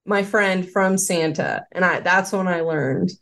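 A woman's voice: lowish voice, unhurried, a bit bright. A woman guest on an interview podcast, earnestly recounting a personal story with many fillers. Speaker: interview guest, former quality control worker. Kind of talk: casual interview testimony.

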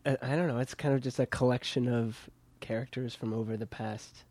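A man's voice: mid-range voice, fairly even intonation, brisk, darkish tone, no room sound. A man from Kansas, a puppeteer, chatting in his puppet studio in a self-deprecating way with frequent laughs. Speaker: puppeteer guest. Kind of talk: casual interview.

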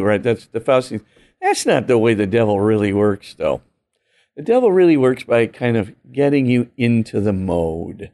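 A man's voice: mid-range voice, dark tone. A man, a priest, explaining earnestly and emphatically in an interview, full of "you know" and "right?" asides. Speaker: priest and guest author. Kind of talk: animated teaching talk in an interview.

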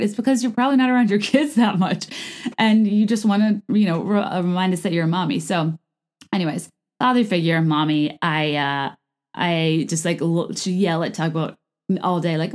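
Woman podcast host, casual and rambling, lots of fillers, pitch leaps for emphasis. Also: moderate pace. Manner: chatty, rambling, many fillers and restarts; lively jumps in pitch for emphasis. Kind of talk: casual chat about reality TV.

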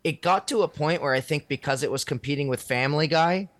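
A man's voice: a little high, brisk, a bit bright, no echo. A man in casual chat who rambles, says "like" a lot and swears. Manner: rambling, heavy use of "like", swears.

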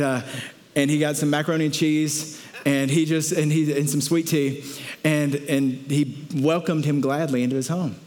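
Man, pastor, sermon, animated storytelling, slightly high voice, acts out crowd voices.

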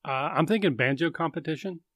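A man's voice: a little high, fairly quick, a bit bright, no room sound. A man hosting a casual live chat show, chatting easily and reading out viewer questions.

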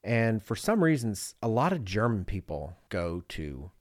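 A man's voice: lowish voice, very animated, normal speed, a little mellow, dry recording, clean studio sound. A man in his thirties, a podcast co-host, telling a travel story in casual chat and slipping into voices of the people in it.

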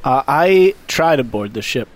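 A man's voice: medium pitch, lively intonation, measured pace. A man playing a tabletop game, rambling and improvising with lots of "like" and restarts. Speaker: player.

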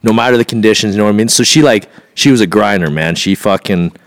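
Animated man telling stories. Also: fairly low pitch, fast. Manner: animated storyteller, acts out quotes, swears, laughs often. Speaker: podcast co-host. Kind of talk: casual chat.

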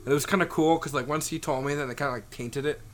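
A man's voice: a little high, steady tone, fast talker. A young man chatting casually, rambling through a story with lots of filler words. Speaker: friend telling a story. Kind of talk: casual chat.

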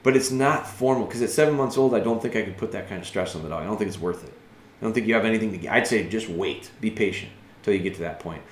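A man giving patient, earnest dog-training advice as a podcast host, thinking aloud and dropping soft and slow when he models calm commands. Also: on the low side, reverberant, a little hiss or hum. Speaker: dog trainer answering a listener.

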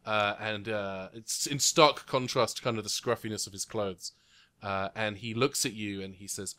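A man's voice: lowish voice, fairly even intonation, normal speed, sharp tone. A man narrating as game master in a tabletop role-playing game, rambling descriptions full of fillers. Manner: rambling with many fillers, voices figures briefly. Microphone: remote recording.

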